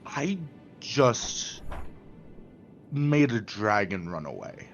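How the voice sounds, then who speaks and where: A cocky adventurer from a tabletop game makes slow, deliberate threats, as a man plays him in his own lowish voice. He boasts and menaces with quiet confidence. There is faint music in the background. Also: big pitch swings, muffled recording, exaggerated voice. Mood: menacing. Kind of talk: tabletop role-play in character.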